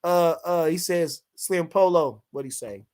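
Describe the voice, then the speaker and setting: A man's voice: a little high, a little slow, a little mellow, clean tone. An older man, hosting a casual live boxing stream in a rambling way, full of fillers, reading out chat comments. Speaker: podcast host.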